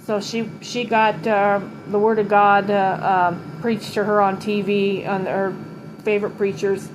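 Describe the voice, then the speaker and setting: A middle-aged woman talks slowly and haltingly at home, often pausing, restarting and holding back tears as she remembers her mother. She sounds tired. A steady hum of air conditioning sits clearly under her voice. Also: medium pitch. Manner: halting, tearful, many pauses and restarts. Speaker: vlogger giving a tribute to her late mother. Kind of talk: emotional personal vlog.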